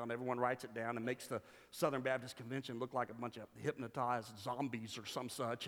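A man preaching a sermon, telling stories with playful sarcasm and then turning earnest and quiet. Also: medium pitch. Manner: animated storytelling with playful sarcasm. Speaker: pastor. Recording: long hall reverb.

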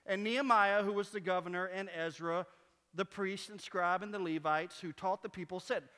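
A man preaching a sermon as pastor, moving between quiet, conversational teaching and loud, impassioned appeals. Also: high-pitched, normal speed, big-room sound. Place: church sanctuary.

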